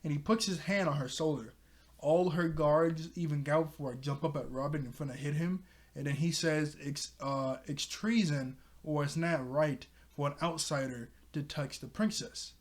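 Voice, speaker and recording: Young guy, kinda high voice, chill recap of a cartoon ep, throws in quoted lines and laughs a lot. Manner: loose, laughing retelling with quick quoted lines. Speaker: cartoon reviewer. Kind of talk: casual episode recap.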